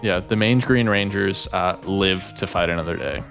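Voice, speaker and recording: A man's voice: low voice, normal speed, vocal fry, a bit bright, faint music behind. Teasing, laughing male dungeon master. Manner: laughs often, teasing players. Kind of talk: casual tabletop game wrap-up chat.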